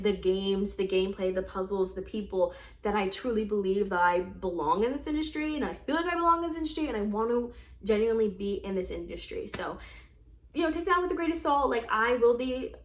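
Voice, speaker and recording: A young woman in her twenties telling a story in a chatty, dramatic way, full of fillers, as the host of her own vlog. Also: medium pitch. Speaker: escape room vlogger. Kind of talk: casual storytelling monologue. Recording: echoey room.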